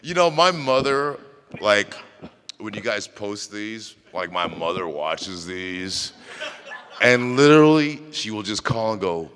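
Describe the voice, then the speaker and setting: A man joking with fans during a convention Q&A, his pitch swinging widely as he teases and laughs. He takes his time, drawing the words out. The hall around him rings with a long echo and a faint hiss. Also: sing-song, slow pace, a bit bright. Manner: playful, teasing, laughs often. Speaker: convention panel guest. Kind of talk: lively Q&A with an audience.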